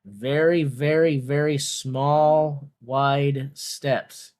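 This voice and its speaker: A man's voice: medium pitch, steady tone, very slow, darkish tone. A man hosting a casual watch-along of a strongman contest, talking in a playful, jokey way with rambling asides. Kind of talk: casual live commentary.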